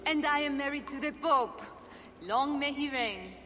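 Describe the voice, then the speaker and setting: A woman's voice: sits high, measured pace, bright, forceful tone, slight background noise. An actress voicing a sly, teasing woman smuggler and bard in video game dialogue. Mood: coy. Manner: playful, evasive, teasing. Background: game music.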